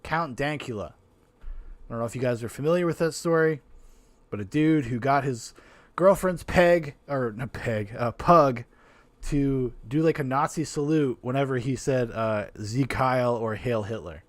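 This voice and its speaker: A man hosting a podcast, casually reacting with animated, profane, rambling commentary. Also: medium pitch, unhurried, no echo. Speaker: podcast host.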